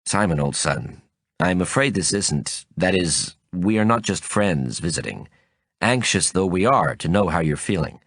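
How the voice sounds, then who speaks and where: A gruff older British man speaks in brisk, clipped bursts, calling his friend "old son." A male narrator puts him on with a voice dropped lower than his own. It is a dry, close storybook reading. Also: animated, fairly bright tone, dry recording.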